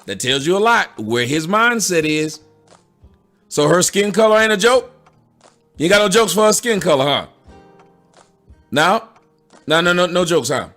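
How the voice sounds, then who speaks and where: A woman talks back at a clip in sarcastic, indignant commentary, firing off pointed questions. Her pitch moves in lively swings, and soft music plays underneath. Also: unhurried, long pauses. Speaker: commentator answering a critic. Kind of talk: reaction commentary.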